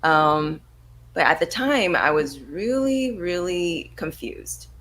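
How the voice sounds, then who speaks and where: A woman's voice: on the low side, very animated, slow, fairly bright tone, rough recording. A woman in her thirties with a mixed American and British accent, chatting as an actress guest in an interview and laughing often. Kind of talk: casual interview chat.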